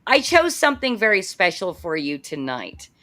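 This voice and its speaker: A woman's voice: mid-range voice, sing-song, moderate pace, a bit bright, dry recording. A woman with an American accent hosting a live-stream interview, upbeat, chatty and joking. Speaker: host.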